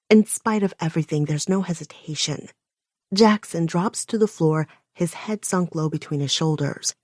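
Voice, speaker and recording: A woman with a lowish voice reads a first-person romance audiobook. Her delivery is intimate and often sinks to a hushed near-whisper. The sound is close and dry, with no room around it. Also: husky, dry recording. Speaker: audiobook narrator.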